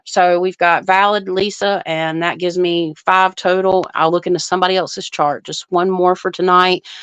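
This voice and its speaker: A woman's voice: fairly low pitch, a bit bright, no room sound, muffled recording. A woman hosting an astrology livestream, chatting casually and thinking aloud while she answers viewer comments.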